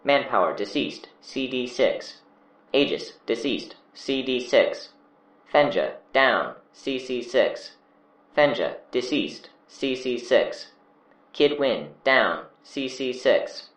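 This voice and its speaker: A flat, mechanical device voice reading alerts one by one, very slow and echoing a little as if in a room, as a male reader does it. Steady and robotic in an audiobook reading. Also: medium pitch, pitched above the performer's own voice.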